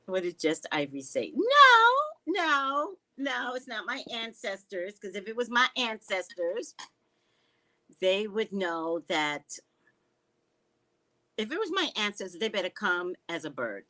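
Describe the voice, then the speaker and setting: Her voice sits in the mid-range, and she speaks unhurriedly with frequent pauses. She's hosting a laid-back live stream from home, telling sarcastic, lively stories full of swearing and reading out comments from viewers.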